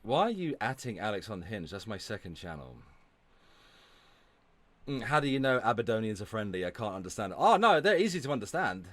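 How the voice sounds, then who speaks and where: A middle-aged Welsh man hosting a livestream and reacting to clips, profane and swinging between loud outbursts and low mutters. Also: very animated, fairly quick. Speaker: livestream host.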